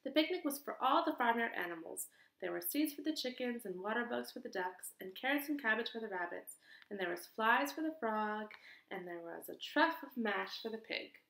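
A woman teacher reading a picture book aloud to children in an expressive, sing-song way. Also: a little high, moderate pace, gravelly. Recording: echoey room.

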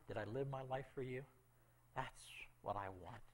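A man's voice: mid-range voice, moderate pace. A middle-aged man telling an emotional missionary testimony in a church talk, often checking in with "okay?". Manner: emotional storytelling with frequent "okay?" asides. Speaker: missionary speaker.

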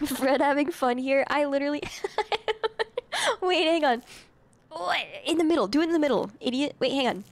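This is a young adult woman with a high voice, playing a game on stream. She reads game instructions aloud, loses her train of thought, and giggles as she chats with her viewers. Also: lively intonation, normal speed, dry recording. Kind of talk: casual game commentary.

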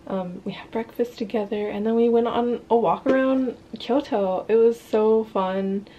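A woman's voice: fairly high pitch, fairly even intonation, measured pace, muffled recording. A young woman vlogging casually about her days abroad, chatty and giggly, swearing now and then. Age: young adult. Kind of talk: casual travel vlog chat.

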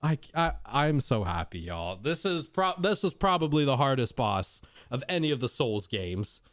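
A man streamer giving excitable live gameplay commentary to his chat, swinging between hushed talk and shouting. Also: mid-range voice, normal speed.

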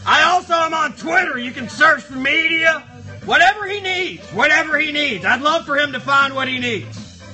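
A live streamer voices a rowdy, foul-mouthed cardboard box monster, hollering crude jokes and rambling banter at his chat. The full character voice is shrill and piercing, with bright, strained squeals climbing very high, lively intonation and a normal pace. Faint music plays in the background.

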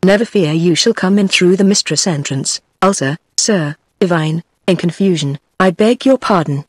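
A text-to-speech woman's voice with a British English accent, reading a play script aloud in an even, synthetic manner. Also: on the low side, moderate pace, slightly rough, no echo, clean studio sound. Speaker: audiobook reader.

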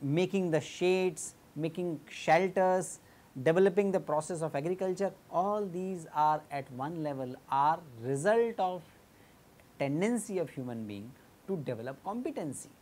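A woman with a low voice and an Indian English accent delivers an academic lecture. She explains ideas step by step in a measured way. She often pauses on fillers and restarts her sentences. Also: darkish tone.

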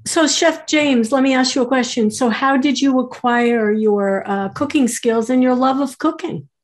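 Woman host on a video call, higher pitch, upbeat, passes along viewer questions. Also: moderate pace.

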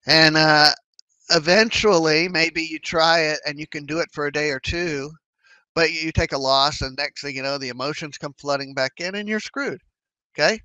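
A man's voice: a little high, moderate pace, smooth, no room sound, low-quality recording. A man explaining trading in a casual, conversational way, acting out his own worried and hopeful thoughts. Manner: conversational, animated, acts out inner thoughts. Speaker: trading educator.

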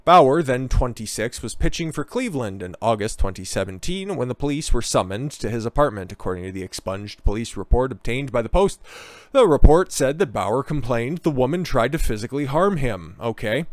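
A man's voice: medium pitch, animated, brisk, no room sound. A man giving sarcastic, exasperated commentary, swearing often and mocking what he reads out.

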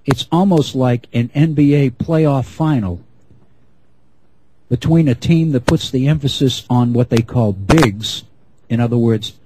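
A middle-aged man delivers an unscripted history lecture at a measured pace, often restarting his phrases. His pitch is medium, and there is background noise.

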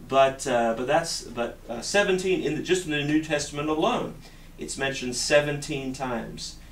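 Slightly high-voiced and moderately paced, a male pastor preaches with earnest conviction in a church sanctuary, often repeating and restarting his phrases. Recorded from a distance, the sound is echoey with a faint background hiss.

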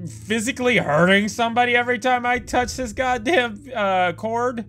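A man's voice: very high voice, normal speed, fairly bright tone, faint music behind. A young man giving jokey, swearing let's play commentary, ranting at the game. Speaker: gaming youtuber.

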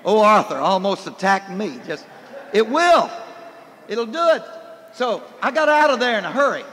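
An older man preaching a folksy, animated sermon, recorded in a church hall in the early 1990s. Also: high voice, normal speed, slight background noise.

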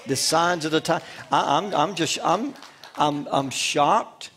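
A man's voice: a little high, slow, a bit bright, slight background noise. A male pastor preaching a sermon, emphatic and repetitive, with rhetorical questions and calls to the congregation.

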